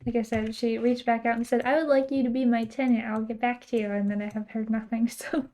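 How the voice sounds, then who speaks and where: A young American woman chats her way through a game stream, drifting from one aside to the next and laughing often. Her voice sits a little high but sounds soft and mellow. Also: level tone, fairly quick. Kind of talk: casual chat while gaming.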